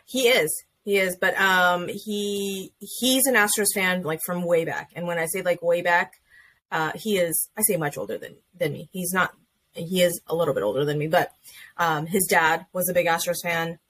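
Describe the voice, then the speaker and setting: Woman host, animated chat, acts out quotes. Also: on the low side, moderate pace, a little hiss or hum. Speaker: podcast host. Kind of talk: casual chat.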